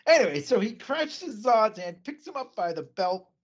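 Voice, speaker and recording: A man's voice: sits high, sing-song, moderate pace. A man co-hosting a casual podcast, rambling through a movie plot with fillers and asides. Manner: rambling recap with fillers and laughs. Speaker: podcast co-host. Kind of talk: casual film chat, recapping plot. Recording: dull lo-fi podcast audio.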